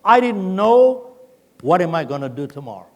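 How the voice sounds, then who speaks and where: In a large conference hall, an older keynote speaker from India delivers a motivational story with acted quotes. His voice sits high with a darkish tone, very animated at normal speed. The recording carries long hall reverb.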